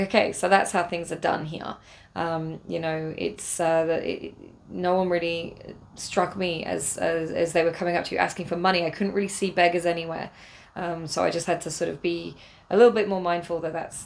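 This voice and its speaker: English woman with a gravelly voice. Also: fairly low pitch. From England. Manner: rambling, many fillers and restarts; spiritual, earnest. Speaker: travel vlogger. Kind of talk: casual spoken travel diary.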